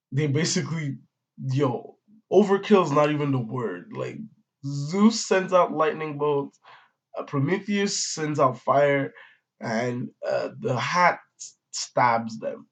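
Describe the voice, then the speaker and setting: A man's voice: on the high side, big pitch swings, takes it slowly, long pauses. A man reviewing a comic chapter in a casual, rambling way, with slang, swearing and plenty of fillers. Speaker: manga reviewer. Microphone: audio-only recording. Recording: dull lo-fi audio.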